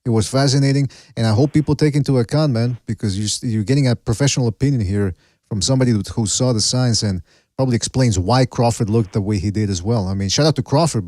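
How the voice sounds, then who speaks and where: Male podcast host, rapid easygoing delivery, dry close sound. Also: medium pitch, darkish tone, no echo. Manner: quick, easygoing. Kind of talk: casual chat.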